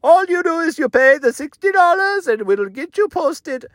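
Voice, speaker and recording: A man doing a smooth young promoter guy, high and squeaky, polite sales patter, voice jumping all over, bright and sharp, in a dry booth. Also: big pitch swings, normal speed, no room sound, heavily acted. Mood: salesy polite. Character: smooth young male online promoter, eager.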